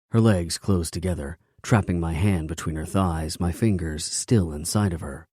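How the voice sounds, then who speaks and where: A man narrating a romance audiobook in first person, measured and intimate. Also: sits low, steady tone, dark tone, slightly rough, no room sound, clean studio sound.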